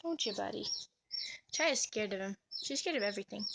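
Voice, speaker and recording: A woman's voice: mid-range voice, expressive, fairly quick, creaky, heavy background noise. A woman vlogging about her pet cockatiel, chatting casually and cooing to the bird in a sing-song baby voice. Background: cockatiel chirping.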